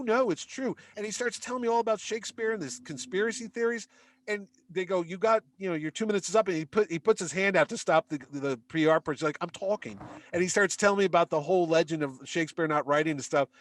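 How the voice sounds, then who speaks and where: A man's voice: high-pitched, fast. A middle-aged man telling a long anecdote in casual chat, acting out the voices of people he met. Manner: animated anecdote teller, acts out dialogue. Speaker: podcast guest. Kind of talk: casual storytelling.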